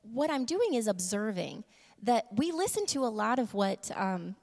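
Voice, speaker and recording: A woman giving a casual sermon, laughing often and moving between quick asides and slow, emphatic lines. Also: a little high, sing-song, darkish tone. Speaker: church speaker. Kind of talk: casual sermon with humor and props. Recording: long reverb of a large room.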